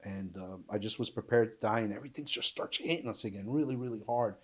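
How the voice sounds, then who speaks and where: Man, husky voice, lowish pitch, halting testimony, restarts, emotional account. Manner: halting, with restarts and trailing pauses; subdued, intense storytelling. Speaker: panel guest recounting survival.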